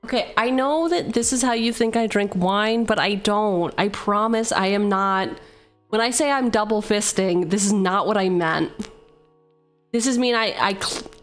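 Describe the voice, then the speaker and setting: A young adult woman hosts a casual live stream about building a card-game deck, speaking a little slowly in a mid-range voice. She's playful and teasing, weaving card text into her banter. Soft music plays in the background.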